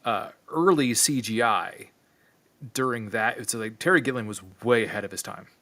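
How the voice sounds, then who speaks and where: Bright-voiced man chatting and laughing. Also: mid-range voice, normal speed. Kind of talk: casual film discussion.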